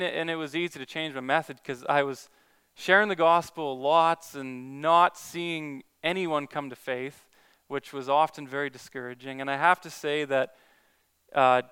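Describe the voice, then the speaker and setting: A man's voice: on the high side, steady tone, normal speed, pushed and bright, clean tone. A man who is a Christian evangelist, earnestly telling a story in a casual talk, with many restarts.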